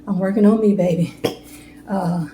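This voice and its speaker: Woman, cooking vlogger with a mellow tone, chats heart-to-heart in a roomy kitchen. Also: medium pitch, fairly even intonation, normal speed, slight background noise. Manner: chatty, heartfelt, talks straight to viewers. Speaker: home baking vlogger. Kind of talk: casual cooking demo chat. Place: home kitchen.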